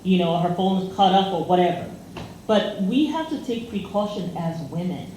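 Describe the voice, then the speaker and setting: A woman's voice: on the low side, animated, moderate pace, dark tone. Chatty woman in an echoey room. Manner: chatty storytelling with many fillers. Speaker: co-host. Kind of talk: casual chat. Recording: echoey room, faint noise.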